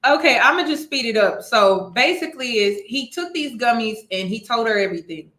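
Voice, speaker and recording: Woman host doing reaction commentary, bright sharp voice, echoey room. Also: on the high side, fairly quick. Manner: animated, exclaiming, repeats herself.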